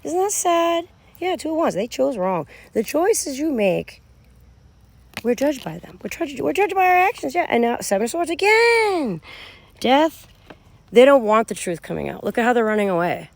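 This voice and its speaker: Animated woman doing a tarot reading. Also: high-pitched, moderate pace, vocal fry. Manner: animated, talks straight to viewers. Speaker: tarot reader. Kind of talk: casual tarot reading to viewers.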